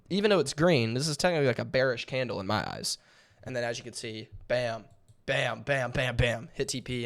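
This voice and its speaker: A young man with a lilt, talking casually through a trade recap with lots of fillers and repeated words. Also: mid-range voice. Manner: jokingly theatrical. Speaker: day trading channel host.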